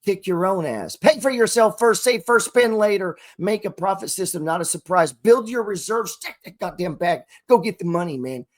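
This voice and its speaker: Profane high-voiced man giving a pep talk. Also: animated, normal speed, few pauses. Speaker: trading coach and channel host. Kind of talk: motivational monologue to camera.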